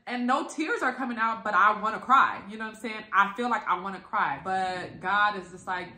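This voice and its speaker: A woman telling a story to her viewers in a casual, animated and profane way, acting out the quotes. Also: medium pitch, moderate pace. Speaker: vlogger. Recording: echoey room.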